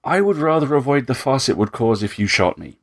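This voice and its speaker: A man voicing a calm, menacing male thief who mocks and taunts his victim. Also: medium pitch, brisk, voice pushed up. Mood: mocking. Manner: mocking, taunting.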